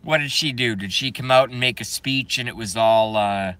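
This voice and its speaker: A man's voice: mid-range voice, fairly even intonation, normal speed, hardly any pauses, bright, forceful tone, clean tone. A man on a live stream, talking to his viewers and reading their chat, emphatic and repetitive, often laughing in disbelief.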